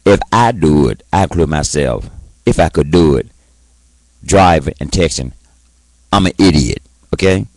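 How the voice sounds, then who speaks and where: A man's voice: extremely low pitch, lively intonation, unhurried, long pauses, no room sound, low-quality recording. A man hosting his own live online show, talking angrily to his viewers with lots of stammered restarts and sudden outbursts. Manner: angry, repetitive, stammering restarts, shouting peaks. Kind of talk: impassioned solo monologue.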